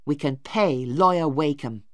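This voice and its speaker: A woman voicing a stern young man who speaks harshly and forcefully in a storybook reading. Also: sits low, a little slow, no room sound, clean studio sound. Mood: proud. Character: stern, angry young man, Maggie's brother.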